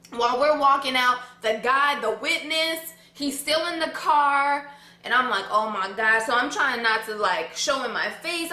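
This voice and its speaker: A young woman telling a story about herself in a casual, animated and dramatic way, swearing freely. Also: high voice, roomy sound.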